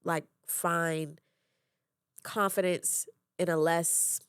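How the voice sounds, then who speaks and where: A young woman, a guest on a podcast, talking candidly and reflectively in casual chat with quick laughs. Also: lowish voice, fairly even intonation, clear, resonant tone, no echo, clean studio sound. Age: young adult.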